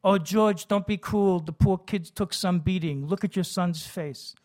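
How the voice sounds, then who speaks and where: A man voicing a fretful, scolding middle-aged mother in a storytelling reading, with a shrill, nagging manner. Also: unhurried, a little mellow. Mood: pleading.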